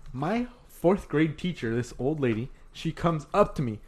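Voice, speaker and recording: A young man chatting loosely with friends, telling crude stories and slipping into mocking voices. His voice sits a little high for a man. He talks loudly and bluntly. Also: lively intonation, measured pace. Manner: crude, loud storytelling with mocking put-on voices. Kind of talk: casual chat among friends.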